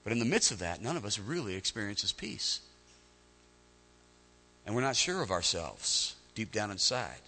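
A male pastor preaching a sermon, animated, often repeating words as he starts a phrase. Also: fairly low pitch, normal speed, pauses often, in a large hall.

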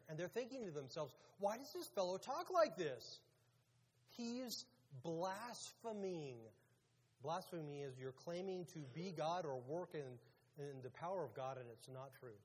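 A man's voice: on the high side, animated, normal speed, darkish tone, slight background noise. A man preaching a casual, conversational sermon as pastor, putting questions to his audience. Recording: long hall reverb.

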